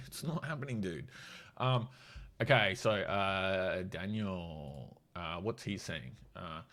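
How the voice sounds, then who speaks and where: An Australian man with a slightly low voice, fighting off a cold. He talks in a blunt, sweary, mocking way, casually ranting about politics. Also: slow pace, fairly bright tone. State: has a cold. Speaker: commentator.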